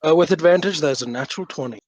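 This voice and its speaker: A man playing in a tabletop game, describing his character's actions in a slow, hesitant way. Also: a little high, no echo. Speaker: player. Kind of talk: casual tabletop play.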